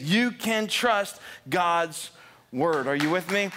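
A man preaching a sermon as pastor, energetic, building to fired-up emphasis and asking the congregation questions. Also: on the high side, a little slow, some chatter behind. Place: church sanctuary.

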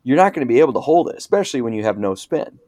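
A man's voice: medium pitch, very animated, rapid-fire, dark tone, no room sound. Joking man, dry close sound. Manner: joking, laughs easily. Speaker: podcast co-host. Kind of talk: casual chat.

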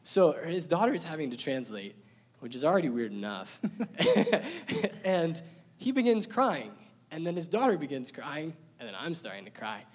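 A man's voice: on the high side, wildly swooping pitch, moderate pace. Young man giving an earnest testimony. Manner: earnest, emotional storytelling with light laughter. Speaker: church member sharing testimony. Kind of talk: personal testimony to a congregation.

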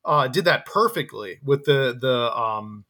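A man co-hosting a movie podcast in casual chat, animated and jokey, with many restarts. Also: mid-range voice, measured pace. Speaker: podcast co-host.

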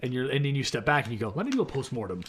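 Young male co-host, casual and rambling, mid-pitched. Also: big pitch swings, racing, slight background noise. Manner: rambling, searches for words. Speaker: podcast co-host, teacher. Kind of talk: casual podcast chat.

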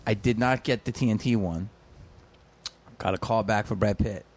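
A man's voice: fairly low pitch, normal speed. A man, a comedian and actor guest, telling stories in casual chat and acting out quotes. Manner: animated storyteller, acts out quotes.

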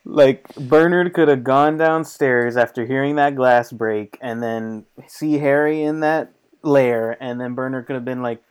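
A man's voice: medium pitch, measured pace, clean tone. Eager man chiming in as guest. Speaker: podcast guest. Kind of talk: casual chat.

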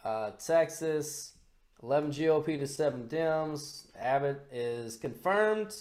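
Profane, excitable male podcast host. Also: fairly high pitch, takes it slowly. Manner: profane, excitable, bursts into shouts. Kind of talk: casual podcast chat.

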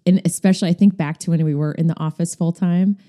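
A woman co-hosting a casual podcast, with a somewhat low, warm and mellow voice. She laughs often and slips into other people's voices when she retells a story. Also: fairly even intonation, quick pace. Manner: laughs often, acts out quoted dialogue. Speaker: podcast co-host. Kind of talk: casual chat.

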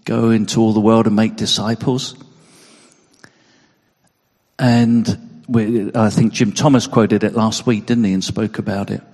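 A man's voice: lowish voice, flat delivery, unhurried, pauses often, a little mellow. An earnest male preacher delivering a Sunday sermon, his voice moved and emotional. He often repeats a word or two as he presses a point home. The sound carries a long reverb from a big church hall. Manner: earnest, repeats words when emphasising.

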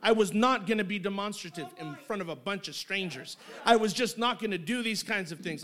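High-pitched middle-aged man preaching with fire in church. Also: fast talker, hardly any pauses. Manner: impassioned, building to shouting. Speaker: pastor. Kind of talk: sermon. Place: church sanctuary.

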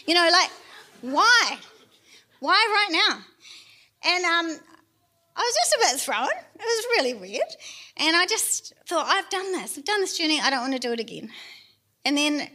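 A woman's voice: sits high, bright, forceful tone. A middle-aged woman pastor, telling a personal testimony in a chatty, self-deprecating way with laughing asides. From New Zealand.

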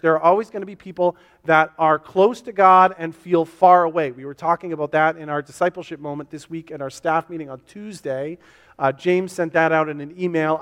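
A man's voice: a little high, smooth. A man pastor preaching a sermon in a church, earnest and repetitive, voicing the questions his listeners ask. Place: church sanctuary. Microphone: to a camera for online viewers. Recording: long hall reverb.

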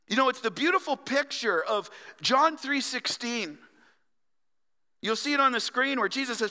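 A male pastor preaching a sermon earnestly, moving from hushed whispers to fervent exhortation. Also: very high voice, lively intonation, moderate pace. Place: church sanctuary. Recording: reverberant church hall.

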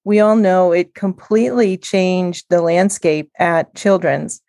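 A woman's voice: fairly low pitch, takes it slowly, mellow, dry recording. Woman hosting a podcast interview. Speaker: podcast host. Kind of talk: casual interview.

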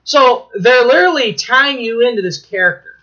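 A man co-hosting a podcast, excitedly retelling a plot in casual chat, swearing freely and restarting his sentences. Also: extremely high pitch, normal speed, muffled recording.

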